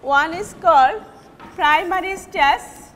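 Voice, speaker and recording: A woman teacher with a Bangladeshi accent giving a recorded English lecture, repeating and stressing example words deliberately. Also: very high voice, fairly bright tone, big-room sound, slight background noise.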